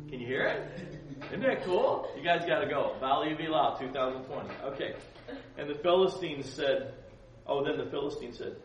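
A man's voice: fairly high pitch, expressive, brisk. A man teaching a casual Bible lesson to a youth group, joking and asking his listeners questions. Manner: playful, joking asides, asks listeners questions. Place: gym-like hall. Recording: roomy hall, distant mic, faint noise.

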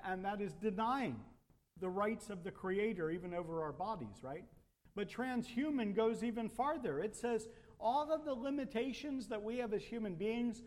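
High-voiced preacher in an echoing hall. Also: male voice, a little mellow. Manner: rhetorical questions, rising emphasis. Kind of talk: sermon. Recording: long hall reverb.

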